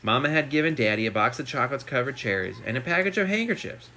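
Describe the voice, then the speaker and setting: A man's voice: medium pitch, expressive, fast talker, bright, forceful tone, slight background noise. A man casually reading a book aloud at home for a live stream, adding chatty asides between passages. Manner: reads steadily with chatty asides. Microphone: phone.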